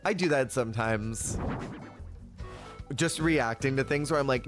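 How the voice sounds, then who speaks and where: Man, chatty streamer, laughs a lot, clear game music underneath. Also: mid-range voice, unhurried. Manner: chatty, laughs often, reads and answers chat. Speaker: Twitch streamer. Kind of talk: casual chat while playing a game.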